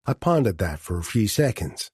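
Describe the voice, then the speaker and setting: A man narrating a first-person audiobook in an even, measured way. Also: lowish voice, breathy edge, dry recording, clean studio sound.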